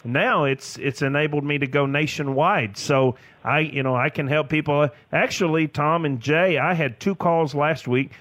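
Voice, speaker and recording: A man's voice: fairly high pitch, normal speed, few pauses, fairly bright tone, dry recording. A man, chatting enthusiastically as a financial advisor guest on a radio show. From Tennessee, US. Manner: enthusiastic, laughs often. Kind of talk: casual radio chat.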